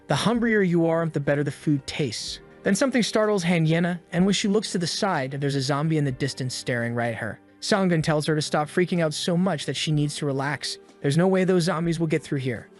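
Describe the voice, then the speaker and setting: A man narrating a comic story recap, with snarky asides. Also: a little high. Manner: snarky and commenting. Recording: faint music behind.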